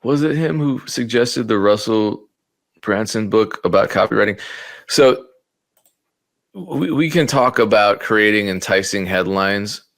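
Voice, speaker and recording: A man's voice: on the low side, animated, a little slow, fairly bright tone, no room sound. A man running a casual live-streamed lesson on marketing, thinking aloud as he works, often repeating words and slipping in sarcastic jokes. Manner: joking and sarcastic at times. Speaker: music producer teaching a beat-selling class.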